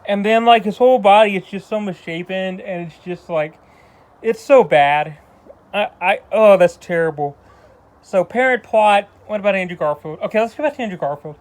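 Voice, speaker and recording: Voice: medium pitch, moderate pace. A movie reviewer ranting casually, exasperated and rambling with lots of restarts. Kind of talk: casual spoken film review.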